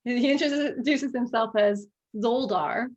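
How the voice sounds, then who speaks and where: Slow-paced woman game master. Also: a little high, dull audio. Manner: relaxed, chatty, frequent ums and laughs. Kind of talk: narrating a tabletop game.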